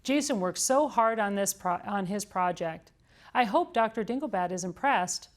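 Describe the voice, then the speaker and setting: A woman's voice: mid-range voice, animated, moderate pace, close to an everyday voice. A woman voicing Amelia Bedelia, an earnest, chatty housekeeper from a storybook. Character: cheerful literal-minded housekeeper woman.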